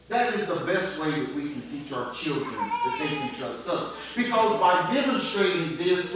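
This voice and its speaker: A middle-aged man preaching a sermon in a church, telling a story and then praying, with frequent pauses. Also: fairly high pitch, pushed and bright, slight background noise. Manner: storytelling preacher, pauses often, prays aloud. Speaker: pastor. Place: church sanctuary. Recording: very echoey church hall from far off.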